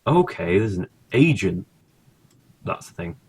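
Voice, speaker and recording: A man's voice: deep voice, big pitch swings, unhurried, darkish tone, slightly rough. A man casually commentating his own gameplay, thinking aloud and swearing now and then. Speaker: gaming streamer.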